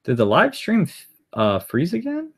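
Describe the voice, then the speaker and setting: A man's voice: high voice, huge pitch swings, normal speed, gravelly, a bit bright, breathy edge. A man chatting casually on a live stream, rambling and answering viewer comments aloud as he goes.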